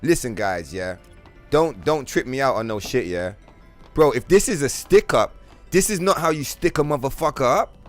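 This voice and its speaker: A man's voice: medium pitch, moderate pace, soft background music. Profane, ranting male game streamer. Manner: profane, ranting, animated storyteller. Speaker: streamer host. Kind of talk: casual game stream chat.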